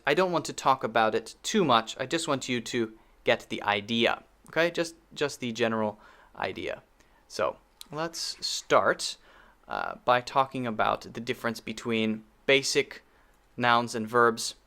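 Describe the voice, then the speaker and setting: Lively-voiced man teaching pronunciation. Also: mid-range voice. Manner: patient, repeats words slowly for drilling; checks in with a frequent "okay?". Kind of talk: video lesson.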